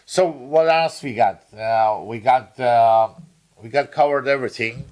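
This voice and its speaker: A man co-hosting a podcast, bantering crudely in a rambling, halting way with lots of fillers. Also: medium pitch, darkish tone. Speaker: podcast co-host.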